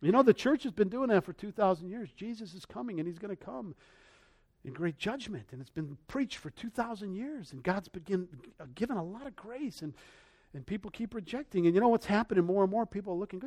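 Delivering his sermon, this pastor moves between booming and quiet stretches, performing the voices of those he quotes in a lively way. He speaks fairly quickly in a high-pitched voice.

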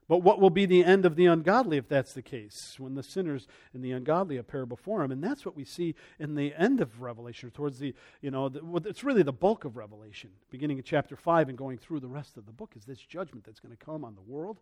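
A man preaching a sermon as pastor, animated, swinging between loud passages and soft ones, acting out the voices he quotes. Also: a little high.

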